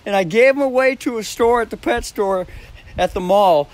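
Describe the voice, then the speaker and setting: A man with a notably high voice rambles through a homespun story at his own place. He chuckles between phrases, swears freely and keeps circling back to restart his sentences. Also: moderate pace. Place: at his own home, by a backyard shed.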